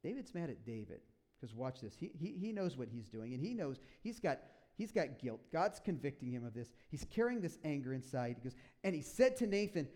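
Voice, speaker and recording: A man preaching a sermon to a congregation in a church, retelling a story with lively asides and acting out the characters. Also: mid-range voice, fairly quick. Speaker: pastor.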